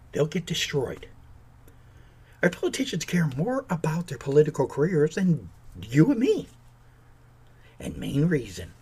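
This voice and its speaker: Indignant male podcaster, raspy and gravelly, mocking politicians. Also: mid-range voice, darkish tone. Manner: indignant, sarcastic, mocks politicians in put-on voices. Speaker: podcast host. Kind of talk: opinionated political rant.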